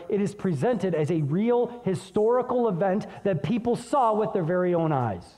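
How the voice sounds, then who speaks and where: A pastor preaches a sermon in a conversational, energetic way, going low and soft whenever he reads scripture. The recording has a long reverb tail.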